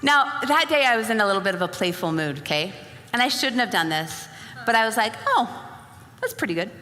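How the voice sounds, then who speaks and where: A woman's voice: on the high side, very animated, brisk, bright, forceful tone. A woman telling a story to a live audience at a sales event, acting out both sides of a conversation with lots of energy. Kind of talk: motivational talk to a live audience. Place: large hall before an audience. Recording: live hall recording with reverb.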